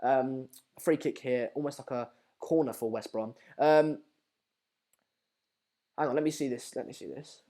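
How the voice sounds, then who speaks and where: A man's voice: medium pitch, measured pace, pauses often, warm tone. A young man hosting a live-stream football watchalong, chatting casually and reading viewer comments with plenty of ums and uhs. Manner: chatty, reads out viewer comments with lots of fillers.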